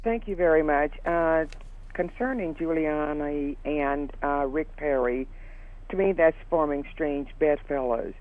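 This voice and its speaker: A man's voice: on the high side, unhurried. A man calling in to a radio show, speaking politely and measuredly. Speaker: caller. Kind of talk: call-in radio comment. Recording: tinny phone line.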